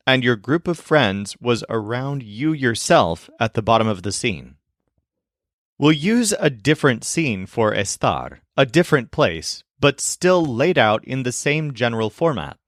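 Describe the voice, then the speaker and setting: Male teacher voice-over, clear measured delivery, dry studio sound. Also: mid-range voice, a bit bright, no room sound. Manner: clear, measured explanation with slow model phrases. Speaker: language teacher. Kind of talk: scripted lesson narration.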